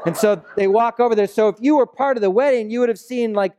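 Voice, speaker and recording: In this stretch the pastor's voice is very high-pitched, fast, mellow and smooth. He stays chatty, storytelling and throwing rhetorical questions out to the congregation.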